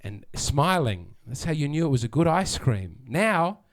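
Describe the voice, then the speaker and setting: A man's voice: fairly high pitch, big pitch swings, unhurried. A man doing a sardonic stand-up set, chatting with the crowd and acting out quotes. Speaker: stand-up comedian. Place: comedy venue with live audience.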